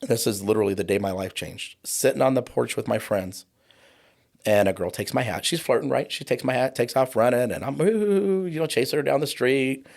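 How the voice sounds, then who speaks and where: A medium-pitched, creaky, slightly mellow voice belongs to a trauma coach in his forties who speaks a little fast. As a guest on an interview show, he tells a personal story vividly and acts out the quoted voices.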